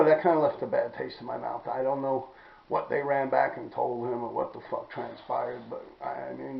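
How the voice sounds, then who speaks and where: Podcast host, New man, heavy vocal fry, blunt and profane, roomy dull recording. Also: medium pitch. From New York City. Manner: blunt, profane, rambling, clears throat often. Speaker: podcast host telling graffiti stories. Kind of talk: casual storytelling monologue.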